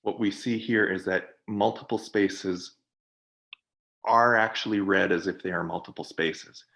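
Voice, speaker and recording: A man on a video call, presenting for a product team and walking through software in a webinar while thinking aloud. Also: low voice, fairly even intonation, a little slow, gravelly.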